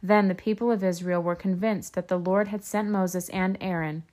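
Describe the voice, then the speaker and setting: A woman reading scripture aloud in a steady, measured way. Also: mid-range voice. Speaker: scripture reader.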